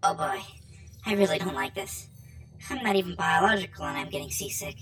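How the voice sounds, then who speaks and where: A woman's voice: medium pitch, fairly even intonation, fairly quick, fairly bright tone, close to an everyday voice. A woman voicing a nervous, rambling robot companion who panics easily. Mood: queasy, nervous. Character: jittery non-biological robot companion. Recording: faint music behind. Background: faint music.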